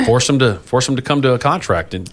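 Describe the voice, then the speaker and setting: A man's voice: medium pitch, wildly swooping pitch, fairly quick. A man hosting a union podcast in casual chat, rambling with restarts and self-corrections and laughing easily.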